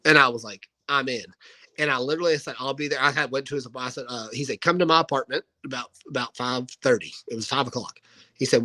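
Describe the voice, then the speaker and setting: A man's voice: medium pitch, fast, rough recording. A man in his thirties, a guest wrestler, telling stories in a casual interview and acting out what people said. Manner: animated anecdote-telling, acting out quoted dialogue.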